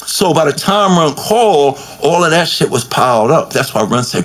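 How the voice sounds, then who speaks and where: High-voiced New man telling a story. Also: very animated, normal speed, a bit bright. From Queens, New York. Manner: profane, acts out quotes and records with shifting voice. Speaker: interview guest. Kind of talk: animated storytelling in an interview.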